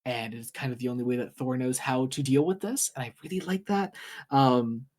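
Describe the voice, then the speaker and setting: A man co-hosting a podcast, recapping a comic in an easygoing way, filling pauses with ums and uhs. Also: mid-range voice, darkish tone. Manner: easygoing, many ums and uhs, laughs easily. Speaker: podcast co-host. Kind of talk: casual comic book discussion.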